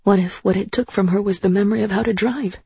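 A narrator reading a first-person story aloud in an even, measured way, close on the mic. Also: mid-range voice, gravelly, husky, dry recording. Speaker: audiobook narrator.

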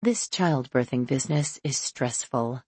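Reading a first-person novel as an audiobook narrator, a woman shifts pitch and pace to portray each character. She's unhurried, slightly mellow and a bit breathy, with no echo in the audio.

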